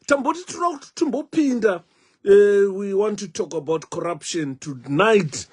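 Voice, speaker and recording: A man with a Zimbabwean accent hosting a live stream, exclaiming loudly and dropping to soft murmurs. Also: sits high, animated, moderate pace, slightly rough. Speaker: online show host.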